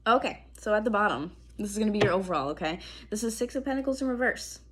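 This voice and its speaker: A young woman giving a casual tarot reading to camera. Her throat is strained and she talks in a chatty, relaxed way, clearing her throat often. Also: mid-range voice, fast. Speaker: tarot reader. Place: apartment room indoors.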